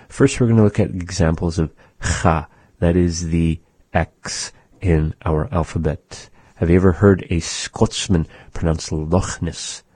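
A man's voice: low-pitched, warm tone, slightly rough, dry recording. A man teaching a language lesson on a show, patiently demonstrating sounds aloud.

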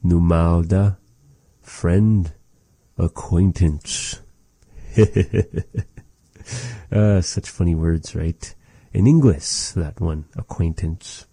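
A man giving a casual vocabulary lesson, repeating each word slowly and adding chatty, joking asides. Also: sits low, dark tone, breathy edge, no room sound. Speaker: language teacher.

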